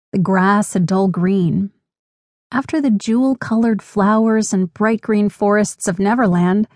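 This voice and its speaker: Slow, gentle woman audiobook narrator. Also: mid-range voice, no echo. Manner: clear, gentle, measured. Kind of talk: scripted children's audiobook narration. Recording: dry studio recording.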